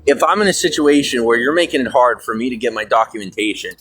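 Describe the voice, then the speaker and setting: A stressed, fired-up man venting on a livestream, swearing often and swinging from loud outbursts to low mutters. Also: expressive, fast talker, a little hiss or hum. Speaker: livestream host. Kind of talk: angry livestream rant. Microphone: phone.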